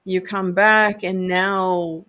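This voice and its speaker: A woman hosting a podcast who calmly sums up and asks her guest questions. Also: mid-range voice, extremely slow. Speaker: podcast host. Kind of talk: interviewing a guest.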